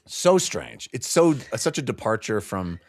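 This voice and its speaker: A man co-hosting a casual book club chat, retelling scenes with lively quoted asides and laughter. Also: lowish voice, moderate pace, dry recording, clean studio sound. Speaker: podcast co-host.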